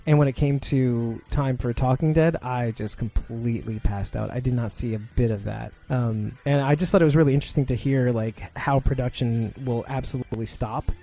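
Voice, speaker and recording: A man's voice: mid-range voice, warm tone. A man from Brooklyn, hosting a podcast in a rambling, casual live-stream chat full of fillers and laughs. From Brooklyn, New York. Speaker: podcast host.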